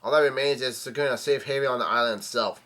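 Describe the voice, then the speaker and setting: A man reading the lines of a calm submarine captain from a comic, in a matter-of-fact way. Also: medium pitch, racing, close to an everyday voice.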